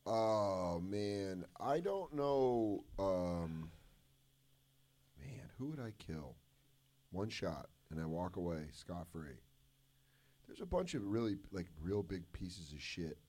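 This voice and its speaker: A man's voice: low voice, big pitch swings, takes it slowly, mellow. A male comedian guest telling loose, profane stories at a live podcast taping, slipping into mocking voices. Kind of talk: loose comic storytelling.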